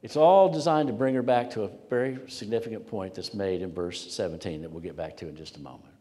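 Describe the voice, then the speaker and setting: A male pastor preaching to a congregation in an emphatic, storytelling manner, leaning on repeated words. His voice sits low, and a long reverb fills the church hall around him. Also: fast talker, dark tone. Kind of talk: sermon.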